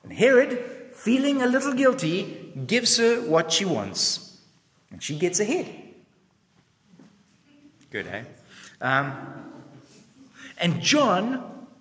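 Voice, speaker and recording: Man preaching in an echoing hall. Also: a little high. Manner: expressive storytelling, acts out voices; reflective rhetorical questions. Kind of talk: sermon. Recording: long reverb in a large hall.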